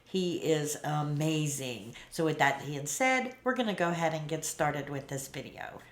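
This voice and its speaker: A woman's voice: deep voice, animated, a little slow. A woman hosting a reaction video, chatting casually and thinking aloud with small restarts. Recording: echoey room sound.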